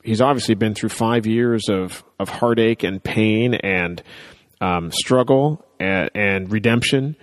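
A man co-hosting a casual chat about a TV show, talking things through and quoting characters in quick asides. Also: fairly low pitch, no room sound, studio quality.

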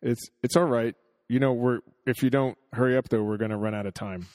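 A man co-hosting a podcast in casual chat, jokey and animated, telling stories with chuckles. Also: mid-range voice, a little fast, dry recording, clean studio sound. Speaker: podcast co-host.

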